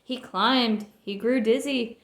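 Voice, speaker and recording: A woman reading a rhyming picture book aloud in a lively, expressive storytelling manner. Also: fairly high pitch, slow pace, gravelly. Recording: roomy echo.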